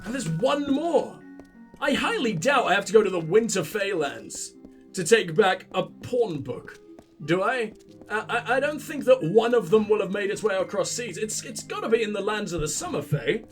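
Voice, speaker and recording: A man's voice: high-pitched, sing-song, normal speed, soft background music. A sick man with a headset, mocking the game in sweary let's play commentary and laughing at his own jokes. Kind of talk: casual gameplay commentary.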